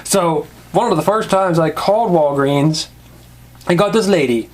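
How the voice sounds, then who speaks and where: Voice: medium pitch, measured pace. A casual toy reviewer who rants, swears and laughs often.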